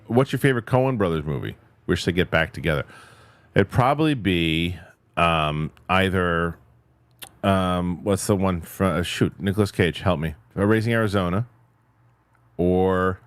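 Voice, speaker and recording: A man's voice: sits low, dry recording. A man hosting a casual livestream chat, reading out viewer questions and joking with his co-hosts. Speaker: host.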